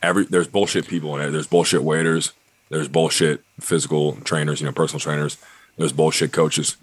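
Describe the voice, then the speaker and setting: Man, very low voice, young adult, american, casual podcast talk, blunt and swearing a lot. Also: flat delivery, a little fast, breathy edge, dry recording. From United States. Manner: blunt and profane, lots of fillers. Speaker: podcast guest.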